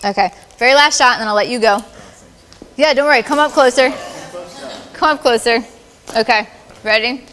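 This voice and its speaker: Woman, photographer running a live shoot; playful, encouraging, high-ish voice, long room reverb. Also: normal speed, long pauses, a bit bright. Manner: upbeat, playful directions to models. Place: large studio with audience.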